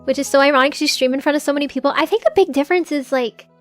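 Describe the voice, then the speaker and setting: Giggly young woman streamer, high voice. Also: rapid-fire, faint music behind. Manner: chatty, giggly, full of filler "like"s. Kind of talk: casual live-stream chat.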